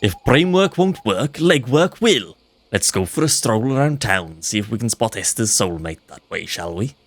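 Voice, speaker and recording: A man's voice: on the low side, sing-song, moderate pace, voice pushed up. A man voicing a chatty male fairy sidekick in a hammy, put-on Northern English accent, reading game dialogue live. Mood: upbeat.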